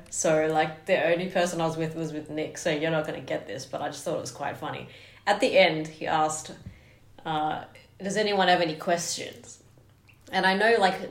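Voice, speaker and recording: A woman in casual conversation, telling anecdotes in an animated way. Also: low voice, creaky. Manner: animated storytelling, laughs easily. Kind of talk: casual chat. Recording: echoey room.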